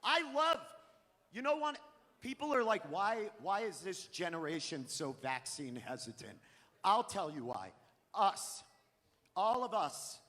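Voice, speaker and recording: A man from Maine in his thirties doing a live stand-up set, profane and ranting, often bursting into shouts. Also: high-pitched, big pitch swings, unhurried. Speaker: stand-up comedian. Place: large theater stage. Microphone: handheld stage mic. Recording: live theater stream with long hall reverb.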